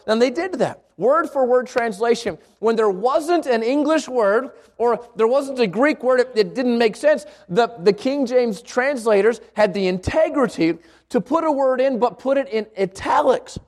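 A man's voice: extremely high pitch, lively intonation, normal speed, few pauses, a little mellow. A man teaching a Bible class at church in a conversational way, often restarting words and checking with the room by asking "right?". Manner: conversational, repeats himself and asks the room "right?".

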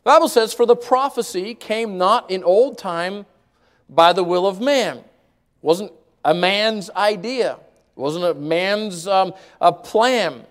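High-voiced emphatic preacher man. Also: slow pace. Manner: emphatic, repeats key words, varies pace widely. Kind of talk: sermon.

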